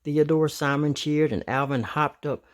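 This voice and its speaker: A man narrating a children's storybook aloud in an animated, expressive way. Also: a little high, normal speed.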